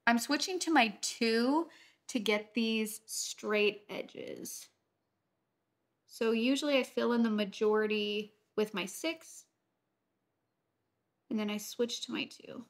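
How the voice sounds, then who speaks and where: A woman's voice: on the high side, slow pace, long pauses. A woman, teaching a watercolor painting tutorial in her home studio and chatting casually as she works. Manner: chatty, easily distracted while painting. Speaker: watercolor instructor.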